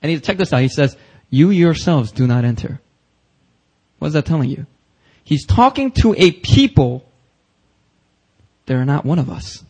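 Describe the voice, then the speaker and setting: A pastor preaches a church sermon in a fairly high, animated voice with a darkish, husky tone, pausing often at normal speed on a rough recording. His delivery is emphatic and casual, peppered with slang, and his intensity climbs whenever he reads quoted passages.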